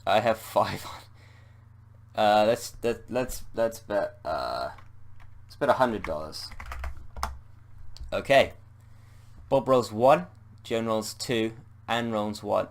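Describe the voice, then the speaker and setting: British man reading a text adventure game aloud as a gamer, slightly low voice, playful, swears at slips. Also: takes it slowly, long pauses. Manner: playful, swears at slip-ups.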